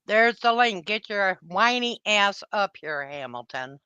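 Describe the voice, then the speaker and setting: A woman's voice: medium pitch, animated, measured pace, pushed and bright, clean tone, no room sound. An older woman on a live audio chat panel, giving blunt, motherly advice and scolding in casual talk. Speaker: panel member. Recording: dull lo-fi stream audio.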